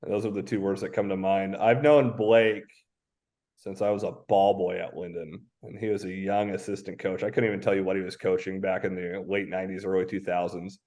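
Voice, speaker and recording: A man in his thirties from Washington State, a high school football coach telling stories as a podcast guest. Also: flat delivery, fairly quick, a little mellow. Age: 30s. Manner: reflective, anecdotal, many "um" fillers. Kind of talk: casual podcast interview.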